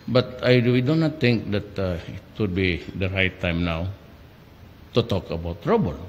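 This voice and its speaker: A Filipino-accented man delivers an unhurried, meandering speech, his pitch rising and falling widely as he leans on rhetorical questions. He slips back and forth between English and Tagalog. His voice rings out with a long reverb, as if recorded in a large hall. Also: lively intonation, lo-fi sound, a little hiss or hum. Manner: switches between English and Tagalog mid-sentence. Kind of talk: rambling public speech.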